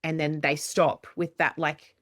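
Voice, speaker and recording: A woman's voice: low-pitched, level tone, a little slow, a bit bright, no echo, studio quality. A woman with an Australian accent hosting a podcast, talking casually and poking fun at herself, now and then swearing offhandedly. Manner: chatty and self-mocking, swears casually. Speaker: podcast host.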